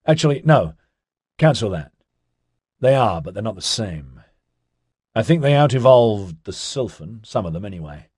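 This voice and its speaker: A man voicing a laid-back, chatty young man who talks in hippie slang with an excitable drawl. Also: on the low side, moderate pace, pauses often, husky, no room sound, studio quality. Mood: rambling.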